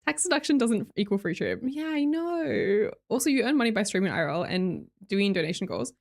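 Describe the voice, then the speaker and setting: A woman's voice: medium pitch, very animated, fairly quick, darkish tone. An Australian woman streamer in casual live-stream chat, reading viewer messages aloud, chatty and laughing often.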